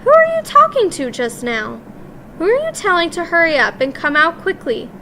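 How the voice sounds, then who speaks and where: A woman's voice: very high-pitched, sing-song, moderate pace, pushed and bright, slight background noise, voice pushed up, full character voice. A woman voicing a cold, imperious female witch leader who snaps curt commands.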